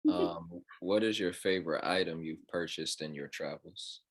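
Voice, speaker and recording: A woman's voice: rumbling low, normal speed. A woman co-hosting a video call, politely reading out questions to the guest. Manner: polite, reads questions, says "ma'am". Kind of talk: casual chat on a video call.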